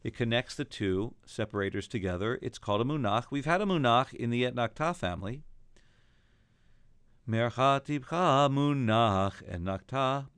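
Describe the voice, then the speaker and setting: A man teaching a recorded lesson, explaining calmly and then chanting the examples himself. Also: mid-range voice, fast talker, few pauses, smooth, dry recording. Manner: alternates plain explanation with chanting. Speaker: cantillation teacher.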